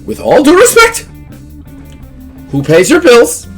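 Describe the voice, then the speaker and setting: A flamboyant tabletop-game showman, shrieking way up high and loud, swooping wildly and full of himself, bossy and excitable, a squealing blowhard who never stops performing for his guests. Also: slow, faint music behind, exaggerated voice. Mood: shrill, pompous. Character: flamboyant shrill male dinosaur-hunt showman.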